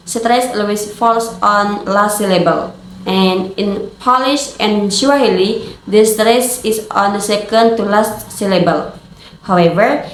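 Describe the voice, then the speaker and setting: A young woman student reading a class presentation aloud, steadily explaining terms with spoken examples. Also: fairly high pitch. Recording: roomy echo.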